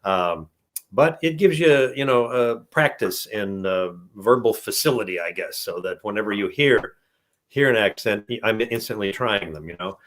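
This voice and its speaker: Older guy voice actor rambling about his craft on a stream, pitched a bit low, laughs a lot. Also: normal speed, fairly bright tone. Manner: chatty, rambling, laughs often. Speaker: voice actor guest. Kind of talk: casual live-stream Q&A.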